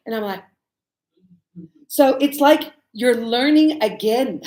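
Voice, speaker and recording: A woman teaching a relaxed spoken lesson, chatty and animated as she tells stories and laughs often. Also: on the high side, measured pace, long pauses. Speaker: English teacher. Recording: echoey room.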